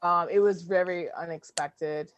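A woman's voice: lowish voice, fairly even intonation, unhurried, dry recording. Chatty woman co-host, dry close sound. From New York. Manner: chatty, playful, laughs often. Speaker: podcast co-host. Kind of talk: casual chat.

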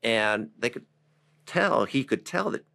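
A man, a guest who works with politicians, telling a story in conversation in a lively way. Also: mid-range voice, a little slow, vocal fry. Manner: animated storyteller.

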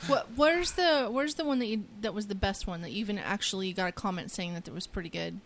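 A woman's voice: medium pitch, quick pace, vocal fry, slight background noise. A woman co-hosting a casual podcast chat, chatty and bantering. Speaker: podcast co-host.

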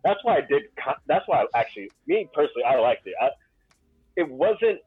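A man's voice: a little high, very animated, brisk, breathy edge, no room sound. A man co-hosting a casual podcast chat in a laid-back, slangy way. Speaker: podcast co-host. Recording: tinny phone-like line, dry.

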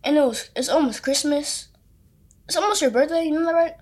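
High-pitched chatty young woman. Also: fairly quick. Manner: animated storytelling, chatty. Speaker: podcast co-host. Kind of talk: casual chat.

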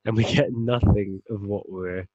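Low-voiced man calmly arguing a point. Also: measured pace, dry recording. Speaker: podcast co-host. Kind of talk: casual chat. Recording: dull lo-fi sound, dry.

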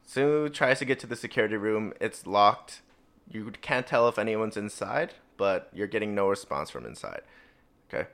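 A man with a fairly low voice, describing scenes to his players as game master. His narration is loose and chatty, dotted with fillers. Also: expressive, normal speed, a bit bright. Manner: casual, full of "like" fillers.

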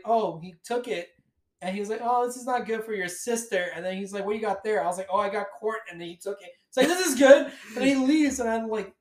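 A man co-hosting a podcast, telling a dream story in casual chat and acting out the voices in it. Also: high-pitched. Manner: animated storytelling, acts out voices. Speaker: podcast co-host. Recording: roomy echo.

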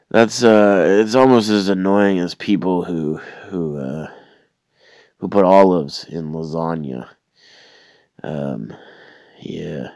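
Sick man with a very low voice, sardonic rambling rant, trips over his words. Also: takes it slowly, pauses often, a little mellow, no room sound. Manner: rambling, repeats and restarts words, sardonic complaining. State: sick with a cold or flu. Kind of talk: casual rambling rant to camera.

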